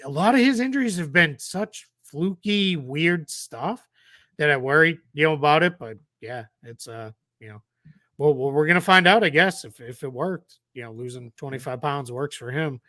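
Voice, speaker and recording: A man's voice: fairly high pitch, lively intonation, normal speed, pushed and bright, no echo, clean studio sound. A man in his forties, co-hosting a sports podcast in a chatty, jokey, rambling way. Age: 40s. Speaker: podcast co-host. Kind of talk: casual sports chat.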